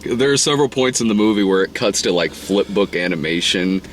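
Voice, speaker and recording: A man co-hosting a casual movie review chat, rambling and swearing, often laughing and putting on high voices to act out scenes. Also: animated, a little fast, a little hiss or hum. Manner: rambling, profane, laughs often, acts out lines in falsetto. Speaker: podcast co-host reviewing a movie.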